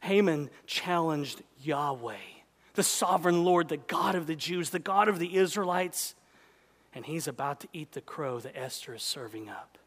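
A man preaching a sermon, telling a story with dramatic pauses and rising to emphatic peaks. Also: on the high side, animated, fairly bright tone, long reverb tail.

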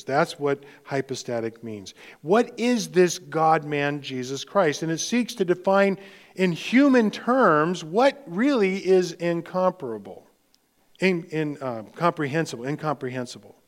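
Slow, emphatic male preacher. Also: on the high side. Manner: slow, emphatic preaching with dramatic pauses and hushed drops. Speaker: pastor. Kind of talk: sermon.

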